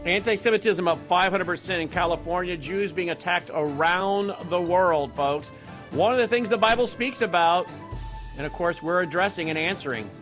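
A man hosting a radio and television call-in talk show, briskly reading out web addresses and phone numbers. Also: high-pitched, a bit bright, soft background music. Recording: muffled broadcast audio.

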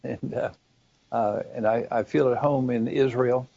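A man speaking as a guest on a broadcast discussion, halting and full of fillers and restarts, with a gravelly, husky voice. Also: medium pitch, fairly even intonation, warm tone. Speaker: guest commentator. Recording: slightly dull, lo-fi sound.

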